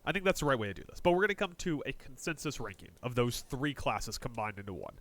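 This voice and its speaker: A man's voice: medium pitch, quick pace. A man co-hosting a casual sports podcast, joking around, punning and swearing as he leads the segments. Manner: jokey, excitable, swears, punning asides. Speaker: podcast co-host.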